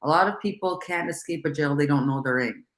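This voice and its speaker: A middle-aged woman hosting a casual talk show, talking in an animated, rambling way and laughing often. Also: low voice, fairly quick, reverberant.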